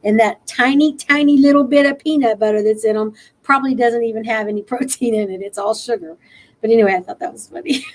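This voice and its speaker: A woman's voice: on the high side, quick pace, low-quality recording. A woman from Texas hosting a motivational live-stream talk, earnest and encouraging, laughing easily, and tired after a long night. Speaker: show host.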